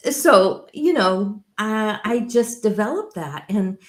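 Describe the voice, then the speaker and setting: A middle-aged woman hosting a podcast interview, affirming and reflective, with a deep, rich tone. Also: animated, takes it slowly. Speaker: podcast host. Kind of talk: conversational interview. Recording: roomy echo.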